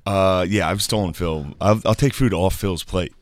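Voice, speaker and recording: A man's voice: low voice, moderate pace, dry recording. A man in a casual podcast chat, laid-back and swearing casually.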